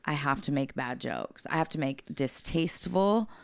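Low, gravelly-voiced woman telling a story. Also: lively intonation, normal speed, no echo. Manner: profane, blunt storytelling. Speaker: podcast co-host. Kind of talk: casual storytelling chat.

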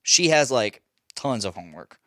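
A man's voice: mid-range voice, normal speed, no echo, studio quality. A young man telling a casual story as a podcast host, laughing often and swearing freely. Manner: animated, laughing, swears a lot.

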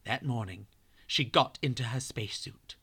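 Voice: mid-range voice, moderate pace, creaky, a bit bright, slightly rough. A children's podcast host, telling a true story in a playful way and speaking straight to young listeners.

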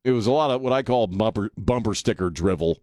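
A man's voice: fairly low pitch, animated, quick pace, warm tone, dry recording, studio quality. Blunt sarcastic male radio host. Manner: blunt, sarcastic, rambling with restarts. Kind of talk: opinionated talk radio monologue. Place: radio studio.

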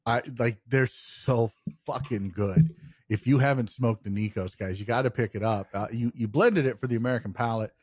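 A man co-hosting a casual podcast who talks in halting bursts, full of filler words and casual swearing. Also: medium pitch, a little mellow, husky, dry recording, clean studio sound. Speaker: podcast co-host and cigar reviewer.

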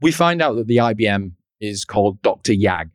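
A man's voice: lowish voice, animated, normal speed, no echo, clean studio sound. A man co-hosting a casual podcast, recapping a cartoon episode in a chatty, storytelling way and laughing at his own jokes. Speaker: podcast co-host.

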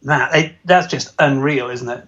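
A man co-hosting a football podcast in casual chat, agreeable and quick with a joke, laughing often. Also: mid-range voice, fairly bright tone. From England. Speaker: podcast co-host. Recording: dull lo-fi sound.

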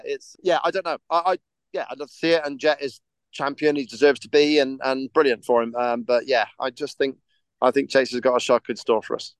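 Smooth-voiced man, rambling. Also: on the high side, no echo. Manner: rambling, hesitant, full of ums and restarts, laughs easily. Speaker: podcast co-host. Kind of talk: casual chat.

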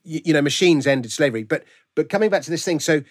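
A man's voice: a little high, expressive, fast. A man, a guest author, talking animatedly in a remote interview and often restarting his phrases. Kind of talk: conversational interview. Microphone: video call.

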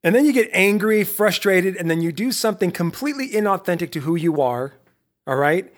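A middle-aged man hosting his own podcast, giving a lively motivational talk straight to his listeners, full of rhetorical questions and self-interruptions. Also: sits high, a little fast. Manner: self-interrupting, laughs at himself. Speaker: podcast host.

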